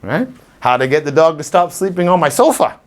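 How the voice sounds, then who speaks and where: Animated, lively-voiced man giving training tips. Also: fairly high pitch, fairly quick. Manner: animated, acts out scenes with voices. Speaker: dog trainer. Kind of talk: informal talk to a live audience.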